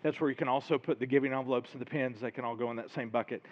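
Breathless pastor closing a sermon. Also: male voice, medium pitch, fairly even intonation, racing, muffled recording. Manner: informal, earnest, with hesitations.

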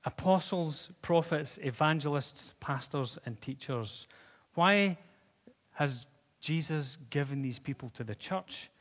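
A man's voice: a little high, slow pace. A man preaching a sermon in a church, talking conversationally and putting questions to the congregation. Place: church hall with seats. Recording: long reverb of a church hall.

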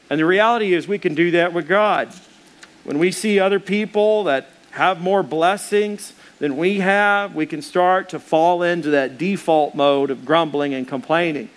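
High-voiced man preaching earnestly. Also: moderate pace, a bit bright. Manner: earnest, emphatic, addresses listeners directly; drives points home by repetition. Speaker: pastor. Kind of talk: sermon.

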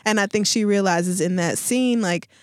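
A woman's voice: medium pitch, normal speed, a little mellow, clear, resonant tone, no room sound, clean studio sound. A woman co-hosting a casual TV recap, talking animatedly and bluntly, often laughing. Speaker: podcast co-host. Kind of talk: casual TV episode recap chat.

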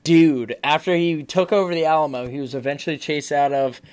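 A young man co-hosting a podcast, joking around and filling pauses with "uh" and "like" in casual chat. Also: on the high side, a little mellow, clean tone, no room sound. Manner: joking, hedging with fillers. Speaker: podcast co-host.

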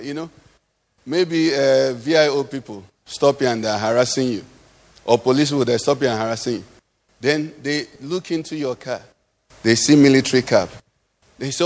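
Man, middle-aged pastor, sermon, call-and-response, high-pitched, long hall reverb. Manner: call-and-response preaching, illustrative asides. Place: church hall.

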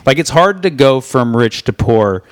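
A man in his thirties, a comedian guest, chatting in a relaxed, upbeat way on a podcast. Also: medium pitch, unhurried. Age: 30s. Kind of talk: casual podcast chat.

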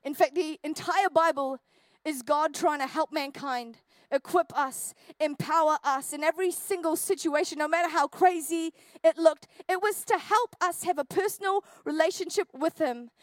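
A woman pastor delivering an earnest sermon, rising to intense peaks and dropping to quiet, intimate passages. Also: sits high, moderate pace, no room sound. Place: church.

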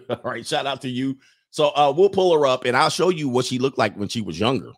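A man's voice: medium pitch, lively intonation, brisk, no echo, studio quality. A man hosting a livestream in casual chat, rambling and laughing often as he reads out viewer messages.

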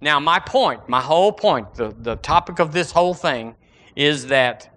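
Male pastor, emphatic sermon delivery, voice sits a bit high. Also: animated, a little slow. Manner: folksy, emphatic, swings from loud exclamations to low asides.

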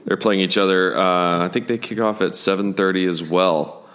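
A man with a fairly low voice steers casual sports talk, reading out the next game in a plain, matter-of-fact way. He keeps things moving from one matchup to the next. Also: fairly even intonation, moderate pace, a bit bright. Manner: matter-of-fact, moves the list along. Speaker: podcast host running the picks.

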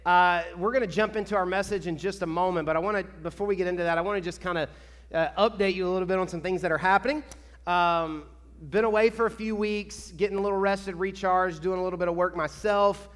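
A man from Kentucky, a pastor chatting excitedly with his church before the sermon. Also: high voice, quick pace. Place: church sanctuary. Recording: echoey church hall.

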